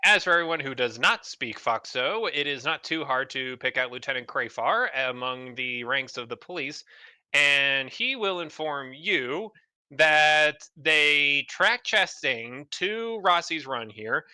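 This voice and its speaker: Bright stammering game master man. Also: on the high side, animated, measured pace, smooth, no room sound. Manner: stammering, repeats words while narrating. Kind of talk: narrating a tabletop game.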